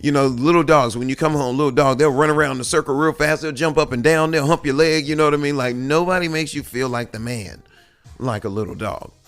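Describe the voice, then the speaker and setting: A man's voice: on the high side, a little fast, smooth. A man and father, hosting a podcast, talking in a candid, profane, rambling monologue with many restarts. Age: adult with children. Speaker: podcast host.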